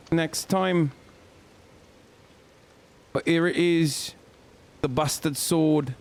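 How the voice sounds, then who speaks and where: A man's voice: fairly high pitch, clear, resonant tone. A man in his thirties casually commenting on a game he plays, swearing and talking back to his chat. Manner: laid-back, profane, talks to chat. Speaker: streamer.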